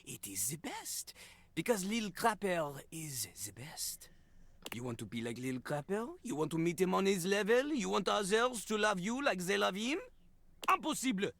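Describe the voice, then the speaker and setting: A man's voice: high voice, lively intonation, normal speed, creaky, a bit bright, exaggerated voice. An actor voicing a cocky male toilet-man rapper in a video game, with a French accent, bragging in rhyme over a hip hop beat. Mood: smug. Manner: brags in rhyme, sing-song rapping. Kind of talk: video game character acting.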